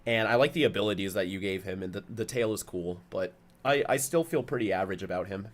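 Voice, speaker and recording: A relaxed male co-host chats casually on a live stream, answering viewer questions between plenty of ums and uhs. His voice sits on the low side. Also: fast. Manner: relaxed, answers chat questions with many fillers. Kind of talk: casual chat.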